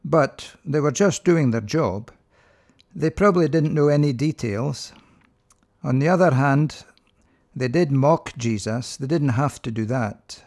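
A middle-aged minister hosts a religious radio programme, speaking in a measured, earnest, rhetorical manner. His voice is mid-range with a darkish tone.

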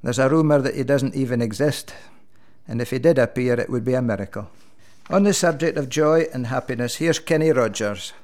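A man, a minister telling church jokes one after another with a dry, gentle delivery and quick punchlines. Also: medium pitch.

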